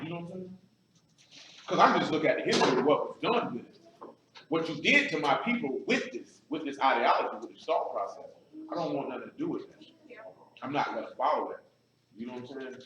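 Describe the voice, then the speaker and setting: A man's voice: mid-range voice, a bit bright. A man preaching a blunt, emphatic sermon in casual street talk, often asking "you know what I'm saying". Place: assembly room. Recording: echoey room, speaker far from the mic, faint noise.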